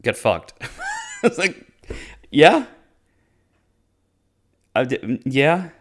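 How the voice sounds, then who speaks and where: A man's voice: high-pitched, wildly swooping pitch, drawn-out words, breathy edge. A man hosting a casual episode recap, blunt and sarcastic, swearing and restarting his sentences. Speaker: YouTube show host.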